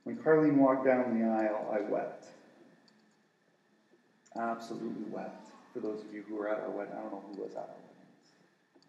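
A man's voice: fairly low pitch, level tone, fairly quick, vocal fry, long pauses, mellow, dull audio. A middle-aged man preaching a sermon in an earnest, conversational way with casual asides to the room. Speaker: pastor. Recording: roomy echo, mic at a distance.

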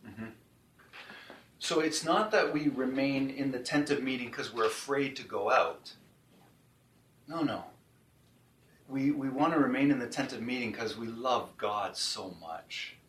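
Animated, bright-voiced man host. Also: medium pitch, unhurried, long pauses, slight background noise. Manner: rambling, animated, laughs easily. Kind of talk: casual faith discussion. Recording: roomy sound, mic at a distance.

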